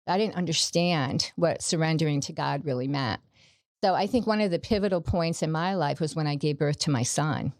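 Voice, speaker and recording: A middle-aged woman gives a personal testimony as a podcast guest, earnest and story-driven. Her voice sits a little low. The sound is dry and close. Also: a little mellow, no echo. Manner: earnest storytelling, acts out quoted dialogue.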